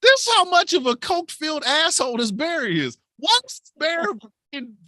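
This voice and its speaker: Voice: high-pitched, brisk, dry recording, studio quality. A podcast co-host recapping a film in a loose, profane, mock-outraged chat. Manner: animated, swearing, mock-outraged.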